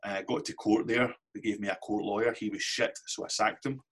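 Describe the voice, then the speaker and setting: A man's voice: on the low side, steady tone, brisk, a bit bright, husky. A Scottish man telling candid stories as a podcast guest, swearing casually. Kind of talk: casual storytelling interview.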